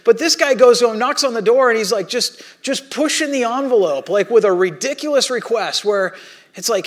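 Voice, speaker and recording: A man's voice: extremely high pitch, a little fast. A man in his thirties preaching a sermon, telling stories in a chatty way and acting out the voices of the people in them. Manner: animated storytelling, acting out quoted voices; conversational with frequent restarts. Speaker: pastor.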